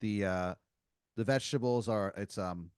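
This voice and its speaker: A man hosting a comedy podcast, improvising a story in a rambling, halting way with many fillers and giggles. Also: lowish voice, darkish tone, clear, resonant tone, no echo, studio quality. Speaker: podcast host.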